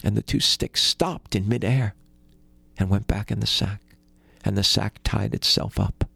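A man telling a folktale in an animated, rhythmic way. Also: fairly low pitch, a little slow, vocal fry, breathy edge, dry recording. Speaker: storyteller. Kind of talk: folktale storytelling.

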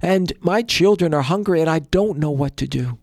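A man's voice: a little high, normal speed, darkish tone, dry recording, studio quality, pitched above the performer's own voice, lightly acted. Folktale poor father, earnest and pleading, played by a male teller.

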